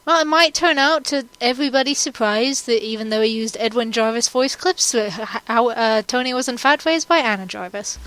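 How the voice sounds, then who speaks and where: A woman chatting casually as a co-host, rambling through animated analysis. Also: on the high side, fairly quick, few pauses, no echo, low-quality recording. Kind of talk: casual chat.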